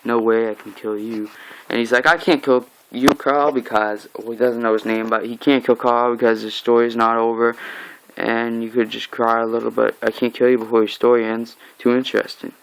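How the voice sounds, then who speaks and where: Gravelly man doing a casual comic recap. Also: medium pitch, brisk, a little hiss or hum, rough recording. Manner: animated, acts out lines with mock shouts. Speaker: comic book reviewer. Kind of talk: casual comic recap, reading dialogue aloud.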